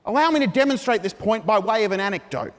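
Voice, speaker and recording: A man's voice: high-pitched, lively intonation, fast talker. A man doing a stand-up comedy set in a mock-earnest, ranting style. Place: large theatre stage. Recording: live hall recording with reverb.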